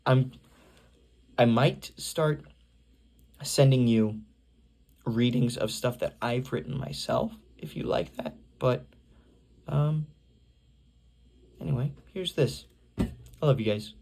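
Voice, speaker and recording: A young man with vocal fry, rambling self-consciously with lots of fillers as he records a casual home video, reading aloud for his family on the camera's built-in mic. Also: medium pitch, takes it slowly, pauses often, a little mellow. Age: young adult. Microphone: camera's built-in mic, no external microphone.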